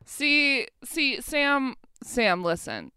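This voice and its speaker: A woman with a smooth, clear voice that swings widely in pitch as she banters and giggles. She teases, trips over her words and laughs through casual podcast chat. The recording is dry and close. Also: very animated, bright, forceful tone, no echo. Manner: giggly, teasing, halting. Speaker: podcast co-host.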